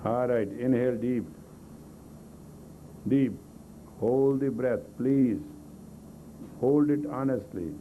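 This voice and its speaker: Taking it slowly and pausing often, a medium-pitched male meditation teacher leads a live group exercise session. His instructions are blunt and coaxing, phrased in non-native English, on a tinny 1980s lo-fi tape with a touch of hiss or hum.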